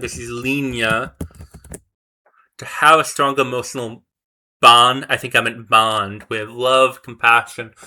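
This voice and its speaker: Bright-voiced man muttering through flashcards. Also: medium pitch. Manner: muttering, self-correcting, repeating words to memorize them. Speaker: vlogger learning a language. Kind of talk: casual thinking aloud while studying flashcards.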